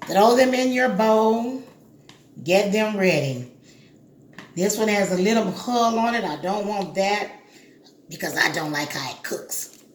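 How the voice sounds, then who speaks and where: A woman's voice: mid-range voice, animated, a little slow, pauses often, echoey room, slight background noise. A woman hosting a cooking video, chatting casually and giving step-by-step instructions straight to the viewer.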